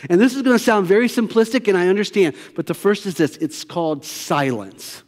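Male pastor, high voice, chatty and emphatic sermon, echoing church hall. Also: quick pace, a little mellow. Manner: conversational, storytelling, emphatic. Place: church sanctuary. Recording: long hall reverb.

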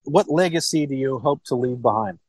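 Casual swearing sommelier. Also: male voice, medium pitch, brisk, darkish tone, no room sound, poor audio. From Cincinnati, Ohio, USA. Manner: rambling, frequent restarts and casual swearing. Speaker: sommelier and wine shop owner. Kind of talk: casual interview conversation.

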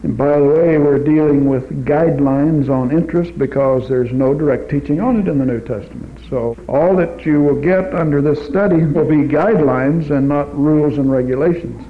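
Preacher man on a tinny old tape. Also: fairly high pitch. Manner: measured teaching, quotes scripture in King James wording. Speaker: preacher teaching a church class. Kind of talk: sermon. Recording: tinny phone-like old tape recording, faint hiss.

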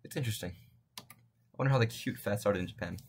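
A man's voice: on the low side, quick pace, slight background noise. A young man casually commenting on a game from his bedroom, rambling and making self-deprecating jokes. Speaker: let's play gamer.

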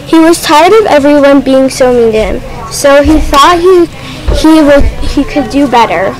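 A woman reading a homemade story aloud, halting and restarting, with music behind. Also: high voice.

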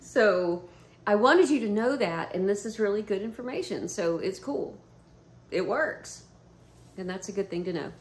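A woman talks straight to her camera, spinning a personal story in a loose, animated way. She swears freely and laughs often, her voice sitting at an ordinary pitch. The room around her adds a noticeable echo. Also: moderate pace. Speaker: vlogger. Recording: roomy echo.

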